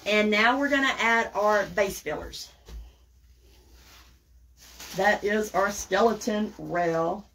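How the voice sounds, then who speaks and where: Over slight background noise, a Southern woman with a medium-pitched, fairly bright voice takes it slowly and pauses often. She hosts a casual live craft tutorial, reading comments and chatting folksily with viewers, whom she calls y'all and guys.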